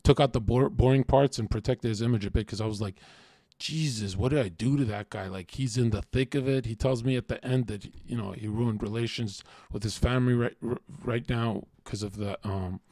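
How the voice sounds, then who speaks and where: A man's voice: mid-range voice, a little fast, mellow, no echo, clean studio sound. A man hosting a livestream, talking casually, swearing a lot and taunting his chat. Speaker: livestream host.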